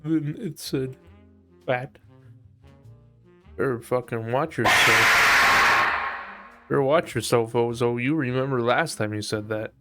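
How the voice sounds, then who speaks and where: A man's voice: mid-range voice, a little slow, loud music behind the voice. A man live-streaming while he sculpts, chatting casually and joking in a profane, mock-aggressive way.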